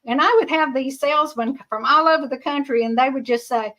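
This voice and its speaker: A woman's voice: high-pitched, brisk, fairly bright tone. A middle-aged woman with a Georgia Southern accent, hosting a casual livestream, chatty and laughing often while reading viewer comments. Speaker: livestream host.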